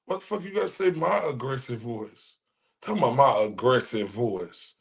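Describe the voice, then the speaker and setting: A man's voice: medium pitch, sing-song, normal speed, creaky. A man hosting a livestream, ranting profanely and mockingly in heated reaction commentary. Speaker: livestream host reacting to clips.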